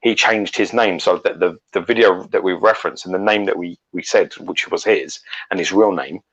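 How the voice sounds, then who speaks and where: A man co-hosts a casual live stream, blunt and sweary. His voice sits low. The sound comes through dull and muffled. He backs up his partner's points. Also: moderate pace, fairly bright tone, breathy edge. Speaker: livestream co-host. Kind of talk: casual chat.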